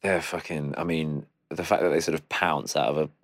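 A man's voice: very deep voice, steady tone, a little fast, no room sound, clean studio sound. A man chatting casually as a podcast host, swearing freely and laughing often. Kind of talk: casual chat.

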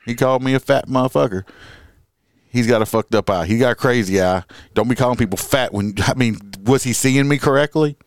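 A man's voice: medium pitch, brisk, no room sound, clean studio sound. A middle-aged man, a police officer, tells stories casually and often laughs as he talks. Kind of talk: casual storytelling.

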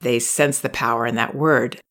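A woman with a notably low voice hosts a solo parenting advice podcast. She speaks in a measured, reflective way and stretches out her words as she thinks them through. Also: fairly even intonation, a bit bright.

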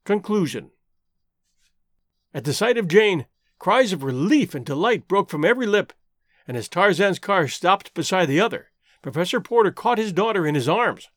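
A man narrating a classic adventure novel as an audiobook, in an expressive, dramatic reading. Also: high voice, normal speed, no room sound, studio quality. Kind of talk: storybook narration.

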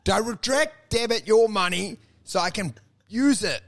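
Aussie podcast guy, high voice with a gravelly crackle, rambly self-mocking swearing riffs. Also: measured pace, a bit bright. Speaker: podcast co-host. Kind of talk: casual comedic podcast chat.

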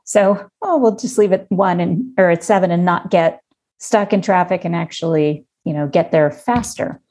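Lively woman in her fifties, mellow low voice. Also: normal speed. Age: 50s. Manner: lively storyteller who acts out her own past thoughts. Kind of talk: casual conversation, personal anecdote.

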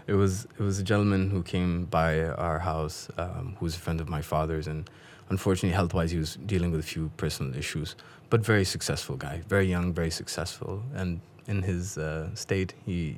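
A man appearing as a guest on a conversation show, telling stories in a lively, animated way. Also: sits low, fairly quick, few pauses, slight background noise. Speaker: podcast guest. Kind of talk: casual storytelling.

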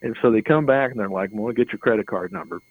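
A man's voice: lowish voice, very fast, slightly rough, narrow, tinny audio. A middle-aged man telling a long anecdote in an interview, rambling and chuckling, often repeating words as he goes. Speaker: interview guest. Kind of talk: casual anecdotal storytelling.

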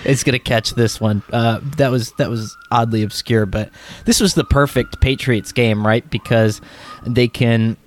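A man's voice: mid-range voice, steady tone, a little slow, slight background noise. A young man co-hosting a sports podcast, talking loosely with many fillers. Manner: loose, filler-heavy, chatty. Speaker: podcast co-host. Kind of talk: casual sports chat.

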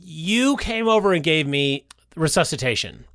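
Animated man in improvised comedy. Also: fairly high pitch, moderate pace, gravelly. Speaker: comedy podcast improviser playing a mayoral candidate.

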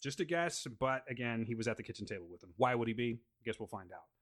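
A man with a medium-pitched, slightly bright voice talks fast and expressively. He's hosting a casual podcast, laid-back and joking, rambling as he chats and breaks down scenes from a show episode.

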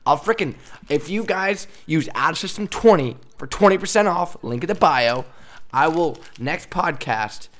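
A young man in his twenties hosting a podcast, talking fast and excitedly, rambling through stories and laughing often. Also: fairly high pitch. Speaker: podcast host. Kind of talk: casual podcast chat.

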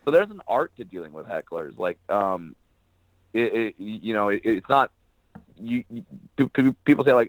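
A man's voice: fairly low pitch, very animated, moderate pace, dry recording, low-quality recording. Man, comedian guest, casual storytelling, salty language, dry close sound. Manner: profane, blunt and joking, acts out quoted people. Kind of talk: casual podcast interview, storytelling.

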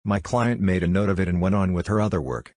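A man reading a series of short ghost stories aloud in a steady, even storytelling delivery. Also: deep voice, fast, no room sound, clean studio sound. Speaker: narrator.

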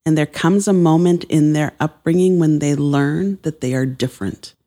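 Podcast guest: a woman pastor with a very deep, mellow voice and an earnest, sermon-like delivery. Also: normal speed. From Canada. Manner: earnest, preaching cadence. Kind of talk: podcast conversation.

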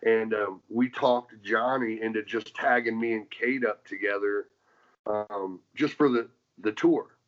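A man's voice: lowish voice, unhurried. Guy rambling about his wrestling days, lots of um and restarts, muffled lo-fi audio. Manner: rambling with many restarts and fillers, animated when retelling. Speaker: former pro wrestler, guest. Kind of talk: casual interview storytelling. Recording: dull lo-fi sound.

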